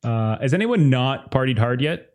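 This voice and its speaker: A young man narrating a tabletop game as game master, chatty and relaxed with many fillers. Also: mid-range voice, moderate pace.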